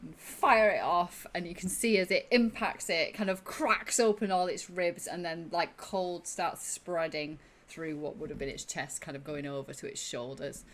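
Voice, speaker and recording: A woman's voice: lowish voice, fairly even intonation, normal speed, few pauses, a bit bright, slight background noise. A woman running a tabletop game as game master, chatty and full of likes and ums.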